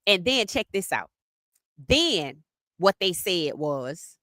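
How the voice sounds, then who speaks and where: A woman hosts a live sports podcast stream. Her voice is bright and forceful. She sounds animated and teasing, and the recording is dry and close. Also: on the low side, slow pace, long pauses, no echo. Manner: animated, teasing, greets chat viewers by name.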